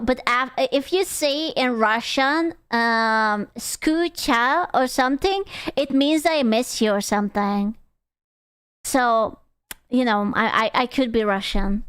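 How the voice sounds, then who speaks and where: A woman's voice: sits high, fairly bright tone, clean tone. A young woman streamer chatting casually with viewers, playful and giggly, swearing and reacting dramatically.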